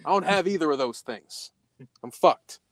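A young man casually telling a spooky story, swearing a lot and jumping to a high voice when he quotes himself. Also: moderate pace, no echo. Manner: profane, animated, voice jumps high when quoting himself.

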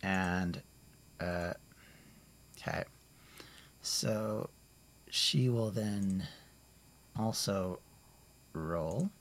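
A man runs a tabletop game, describing the scene in an unhurried, halting way. He circles back, corrects himself, and lets pauses hang as he narrates. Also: deep voice. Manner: rambling, halting, many fillers and restarts. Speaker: game master.

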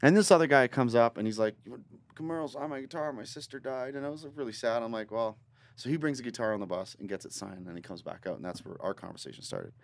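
A man from Northern Ontario, a guest musician telling a rambling, animated story in a casual studio interview. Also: lowish voice, rapid-fire, creaky, hardly any pauses. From Northern Ontario, Canada. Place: recording studio.

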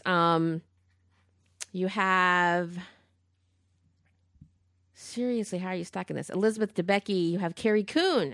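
A woman co-hosting a podcast in casual chat, blunt, profane and animated. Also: on the low side, no echo, clean studio sound. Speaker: podcast co-host.

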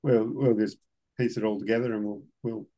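A man's voice: on the low side, steady tone, a little fast, dark tone, dull audio. An Australian man co-hosting a casual whisky podcast, talking hesitantly and often repeating words. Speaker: podcast co-host. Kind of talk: casual chat over whisky.

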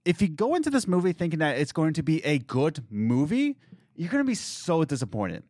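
Male co-host, casual rambling movie talk, very expressive pitch, dry mic. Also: brisk, dry recording. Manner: animated, rambling, laughs at himself. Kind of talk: casual chat.

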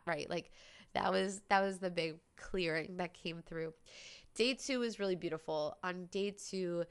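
Gravelly-voiced woman telling a personal story. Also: lowish voice, a little slow. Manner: candid, conversational, many "like" fillers. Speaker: podcast host.

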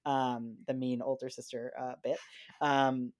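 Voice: mid-range voice, level tone, unhurried, no room sound, clean studio sound. Chatty host gushing about a kids' book, lots of laughs. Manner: chatty, with many fillers and restarts, often laughing. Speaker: podcast host reviewing a children's book. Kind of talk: casual chat.

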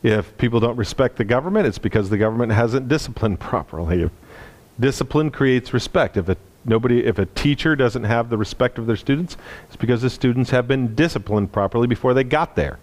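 Earnest male preacher telling a story. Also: brisk. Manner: earnest storytelling, drops low and soft on tender moments. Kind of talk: sermon with a personal story.

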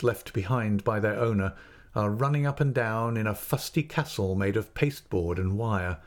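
A man reads a classic novel aloud in a measured, expressive voice. His pitch sits in the middle for a man. The delivery is steady and storybook-like. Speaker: narrator.

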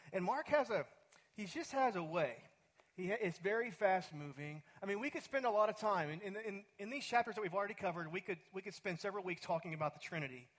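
Pastor, male, slightly high voice; earnest sermon delivery, pauses to wonder aloud and repeats himself. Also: a bit bright, rough recording.

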